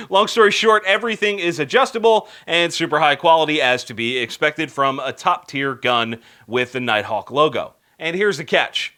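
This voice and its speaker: A man's voice: on the high side, bright, forceful tone. A man hosting a scripted news commentary show, delivering the items with a sarcastic, wisecracking edge that turns into indignant rants.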